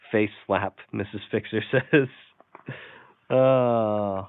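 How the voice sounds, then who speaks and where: A man's voice: medium pitch, dry recording. A man hosting a casual live stream, reading out silly jokes and viewer comments with frequent chuckles. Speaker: livestream host. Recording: tinny, phone-like sound.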